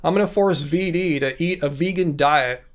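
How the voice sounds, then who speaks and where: Higher-voiced middle-aged man hosting a livestream. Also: normal speed. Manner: joking, playful teasing. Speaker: livestream host. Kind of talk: casual livestream chat answering viewer comments.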